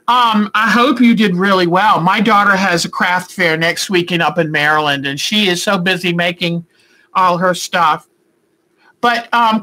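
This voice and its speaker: A middle-aged woman talks into her computer mic at home, hosting a quilting live stream. Her voice is bright and forward, and she chats affectionately with viewers, wandering from topic to topic and filling gaps with little fillers. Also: mid-range voice, poor audio. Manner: chatty and affectionate, rambling with fillers. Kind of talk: casual live stream chat, answering viewer comments.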